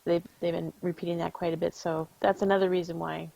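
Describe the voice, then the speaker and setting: A woman co-hosting a podcast in casual chat, measured and even-handed with a few small fillers. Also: lowish voice, vocal fry, lo-fi sound. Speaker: podcast co-host.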